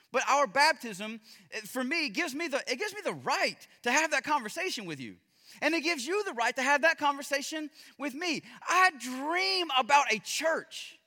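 A man preaching a sermon as pastor, impassioned, swinging between loud emphasis and hushed, drawn-out lines. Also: very high-pitched, big-room sound.

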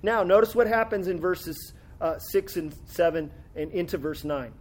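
In a high-pitched voice at normal speed, a man preaches, reading scripture aloud with building fervor. He explains it expository-fashion in a conversational tone, often ending points with tag questions.

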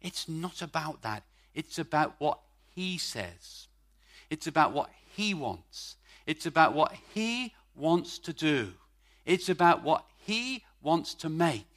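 A middle-aged man preaching a sermon at a church service, emphatic, stretching key words and swinging from loud to quiet. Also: a little high, sing-song, takes it slowly.

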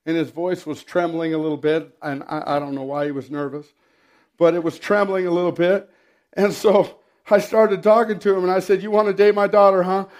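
High-voiced middle-aged man preaching. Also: steady tone, normal speed, a little mellow. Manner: storytelling with dry humor, frequent throat clearing. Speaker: pastor. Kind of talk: sermon.

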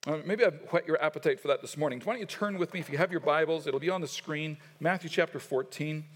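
Guy pastor leading a sermon, fairly high voice, church echo, gets the room to repeat lines back. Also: fast talker. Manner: leads the congregation in call-and-response repetition; conversational, with fillers and restarts. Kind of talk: sermon with scripture reading. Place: church sanctuary. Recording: long hall reverb.

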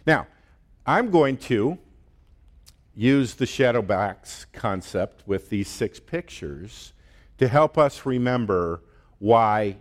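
A middle-aged man giving a conversational sermon as pastor, with fillers and restarts. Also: on the low side. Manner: conversational, laughs often, many fillers and restarts.

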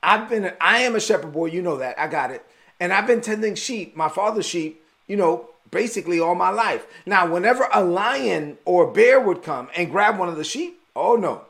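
An earnest, emphatic young shepherd warrior, played by a preacher retelling the story. His voice sits high, with a gravelly fry. He speaks with firm conviction, sure of his cause. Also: expressive, moderate pace, fairly bright tone, heavily acted.

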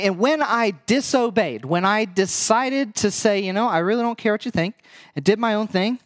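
High-voiced young man telling a sermon story. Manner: animated storytelling, acting out past scenes, quick asides to the audience. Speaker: preacher.

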